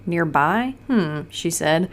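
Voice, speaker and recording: A woman's voice: lowish voice, animated, slow. A woman podcast host reading a children's detective book aloud, giving the characters light voice changes. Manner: reads characters with small voice shifts, plain narration.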